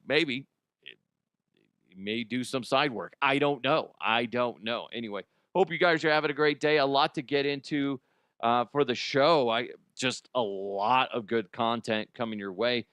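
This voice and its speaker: A man hosting a comedy show, telling a story in a profane, animated way, laughing and jumping his voice high for effect. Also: unhurried, clean tone, no echo, studio quality. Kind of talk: comic storytelling monologue. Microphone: studio microphone.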